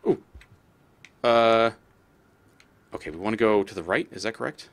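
A man's voice: on the low side, normal speed, fairly bright tone. A man giving casual gameplay commentary as a let's play host; he swears often and talks back at the creatures on screen.

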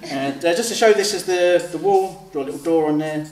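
A man's voice: a little high, fairly quick. A man, an author and illustrator, chatting through a step-by-step drawing demonstration and acting out children's replies. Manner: chatty, explains step by step, acts out kids' replies. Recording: roomy sound, mic at a distance, faint background noise.

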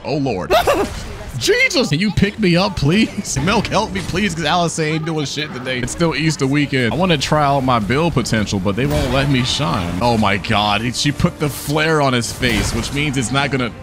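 A man's voice: mid-range voice, moderate pace, over music. A young man giving casual, profane, joking commentary over his gameplay, talking straight to his viewers. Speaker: gaming YouTuber.

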